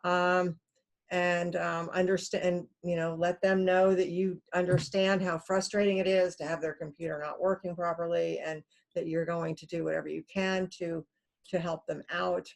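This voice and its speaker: A woman teaching a recorded computer science lecture in a relaxed, conversational way, with many fillers and quoted asides acting out callers. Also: fairly low pitch, normal speed, gravelly.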